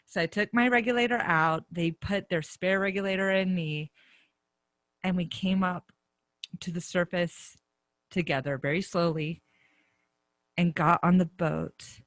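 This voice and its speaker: A young woman telling a personal story on stage, animated and often laughing. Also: lowish voice, a little slow, no echo.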